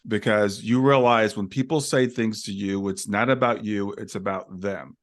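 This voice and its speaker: A man's voice: lowish voice, fairly even intonation, normal speed. A man hosting an interview, agreeing and reflective. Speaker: host. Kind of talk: conversational interview.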